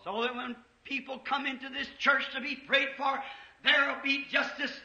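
A man preaching an impassioned revival sermon in a church, rising to shouts at the peaks. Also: very high-pitched, little pitch movement, moderate pace. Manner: impassioned, shouting at peaks, old-time Southern US preaching cadence. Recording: echoey church, dull 1950s tape.

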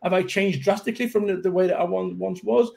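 A man's voice: sits high, steady tone, fast, creaky, a little mellow. A middle-aged man with a Manchester accent, a motivational speaker telling punchy, self-mocking stories in a casual interview chat. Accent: Mancunian. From England.

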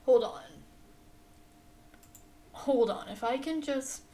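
A woman's voice: sits high, slow, warm tone. Exasperated woman streamer in an echoey room. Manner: exasperated, talks back at the game and chat. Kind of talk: casual live-stream gaming chat. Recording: echoey room, mic set far off.

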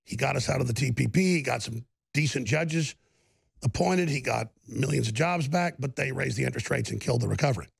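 Gravelly, husky talk-show man. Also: medium pitch, expressive, a little fast, no room sound. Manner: emphatic, rambling. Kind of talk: talk radio monologue.

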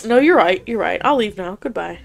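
A woman's voice: mid-range voice, expressive, a little fast, vocal fry, soft background music. A young woman giving casual gameplay commentary, chatty and laughing often, reading game dialogue aloud and swearing casually. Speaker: gaming YouTuber.

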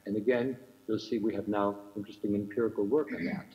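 A man's voice: lowish voice, level tone, quick pace. An older man giving a keynote lecture in a thoughtful way, repeating rhetorical questions to his audience from another time zone. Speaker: keynote speaker. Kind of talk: academic lecture. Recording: muffled lo-fi recording.

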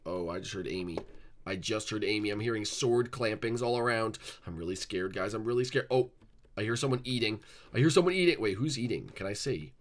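A man narrating and playing the lead in a game roleplay as a gaming video creator, talking in an excitable, rambling way. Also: fairly low pitch.

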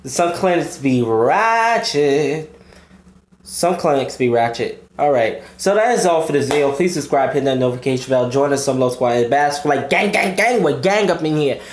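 A woman's voice: a bass voice, fairly quick, hardly any pauses, darkish tone, reverberant, slight background noise. A woman doing casual reaction commentary, talking in a profane, talkative way. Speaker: reaction youtuber.

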